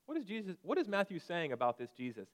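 A man in his thirties preaching a conversational sermon and at times breaking into sharp shouted commands. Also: high-pitched, huge pitch swings, quick pace. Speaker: pastor.

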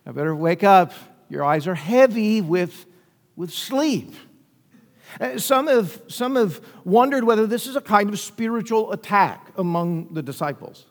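A man's voice: high-pitched, lively intonation, unhurried, big-room sound. A man preaching a sermon with emphatic delivery, asking rhetorical questions and acting out quoted lines. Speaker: pastor.

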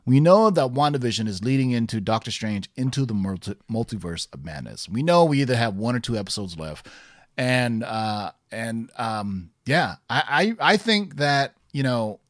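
A man's voice: mid-range voice, sing-song, normal speed, dry recording, clean studio sound. A man co-hosting a casual chat, enthusiastic and rambling, full of fillers and restarts. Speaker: podcast co-host.

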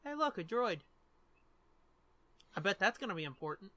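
A man's voice: high-pitched, sing-song, normal speed, bright, forceful tone, dry recording. A man co-hosting a casual movie commentary podcast, joking, swearing freely and asking questions. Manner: joking, profane, asks questions. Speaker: podcast co-host.

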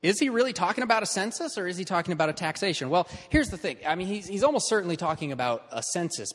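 A man's voice: on the high side, long reverb tail. A man teaching an in-person class in a conversational lecture style, checking in with his students as he explains.

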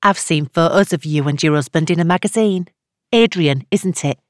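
A brittle, snappish middle-aged woman caller, read by a woman narrator in a low voice. She sounds shaky and resentful, recorded close and dry in an audiobook read. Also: moderate pace, no echo, natural voice. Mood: bitter. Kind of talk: audiobook character reading.

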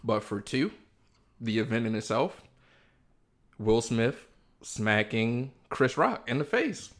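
A man's voice: medium pitch, sing-song, slow pace. Slangy, laid-back male podcast host. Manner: laid-back, slangy and profane, lays out points step by step. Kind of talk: casual podcast chat.

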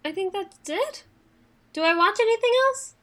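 A woman's voice: very high voice, animated, moderate pace, a bit bright. A woman co-hosting a casual podcast, rambling and chatty with frequent fillers. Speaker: podcast co-host. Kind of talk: casual chat.

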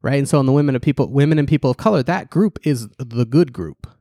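Male podcast co-host, wry and animated, acts out quotes, dry studio sound. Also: quick pace, no echo. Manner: animated, ironic, restarts and leaps in pitch for emphasis; acts out quoted people in mocking voices. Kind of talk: casual political podcast chat.

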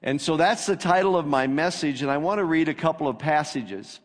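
A man's voice: fairly high pitch, a little fast. A man preaching a sermon as pastor, reading scripture with rising emphasis. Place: church sanctuary. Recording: long reverb of a church hall.

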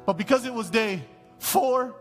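Animated high-voiced preacher. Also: male voice, measured pace. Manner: animated, conversational, acts out the scenes. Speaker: pastor. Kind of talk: sermon storytelling. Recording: long church-hall reverb, faint music.

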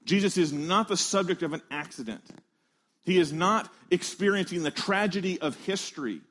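A man preaching a sermon, earnest and emphatic, leaning on slow, stressed phrases. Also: fairly high pitch. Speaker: pastor.

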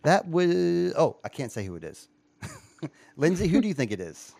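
A man's voice: fairly high pitch, big pitch swings, normal speed, vocal fry, darkish tone, dry recording. A man hosting a casual chat, playfully quizzing his co-hosts and laughing often. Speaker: podcast host quizzing co-hosts.

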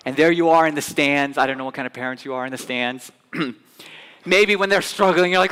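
A man preaching a sermon as pastor, swinging from loud emphatic bursts to soft hushed passages. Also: fairly high pitch, lively intonation, a little fast, smooth, big-room sound. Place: church sanctuary.

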